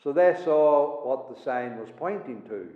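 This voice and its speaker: A man's voice: medium pitch, expressive, a little slow. A man preaching a sermon, emphatic and repeating his key words for weight. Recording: echoey hall, dull lo-fi sound.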